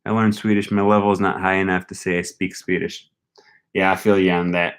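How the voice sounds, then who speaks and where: A young man casually thinking aloud as he tries a language app, slowly repeating foreign phrases after a recording. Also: low voice, little pitch movement, clean tone. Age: young adult. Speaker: language learning vlogger. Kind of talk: casual commentary while using a language app.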